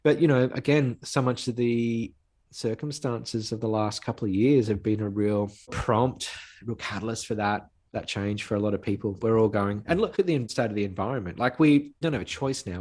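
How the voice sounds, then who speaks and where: Earnest man with a husky low voice. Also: a little mellow. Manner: earnest, emphatic, repeats phrases for stress. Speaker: podcast guest. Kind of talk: conversational interview.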